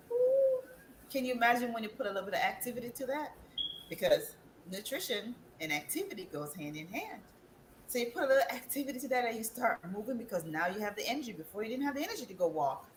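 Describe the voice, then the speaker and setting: A woman talking casually and animatedly about wellness, acting out other people's voices with big jumps in pitch and laughing often. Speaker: wellness guest. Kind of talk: casual chat. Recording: echoey room with faint ambient noise.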